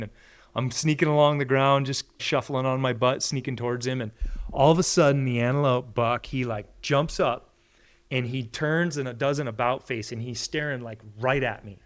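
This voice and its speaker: A man, a podcast guest, telling a story in a casual, animated way and acting out the quoted lines. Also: fairly quick. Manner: animated storyteller, acts out quotes with big pitch jumps.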